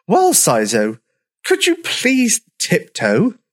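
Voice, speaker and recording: A man voicing a kind, motherly female dinosaur with a gentle manner in a storybook reading. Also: high voice, huge pitch swings, slow, pitched above the performer's own voice, full character voice. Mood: kindly. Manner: gentle, kindly. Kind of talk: storybook character voice.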